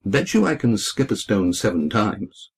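A man voicing an eager, competitive young boy in a storybook, boastful and excited. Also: lowish voice, measured pace, vocal fry, slightly rough, heavily acted.

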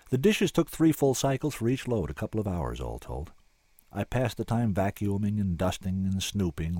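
A man's voice: deep voice, dark tone, no room sound. A man giving dry, wry first-person scripted narration as an audiobook narrator.

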